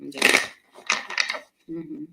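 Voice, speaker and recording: A woman's voice: very slow, very noisy. A woman giving a casual live tarot reading, chatty and laughing often, with many fillers. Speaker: tarot reader.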